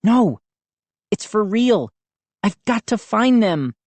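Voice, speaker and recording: A woman's voice: mid-range voice, big pitch swings, slow, a little mellow, no room sound, voice pushed up. A woman voicing a frightened young boy who insists and pleads to be believed. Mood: insistent.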